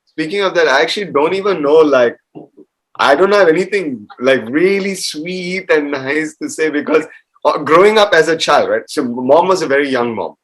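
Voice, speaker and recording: A man's voice: a little high, lively intonation, moderate pace, a bit bright, low-quality recording. A man casually teasing about his mother in a family chat, joking and laughing as he goes. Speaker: son of the birthday woman.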